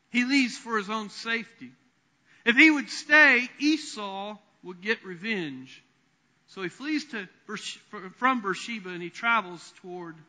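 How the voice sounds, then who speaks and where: A man preaching a sermon in a church, telling a Bible story in an animated way and briefly acting out its figures. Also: high voice. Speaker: pastor. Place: church sanctuary. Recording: long reverb of a church hall.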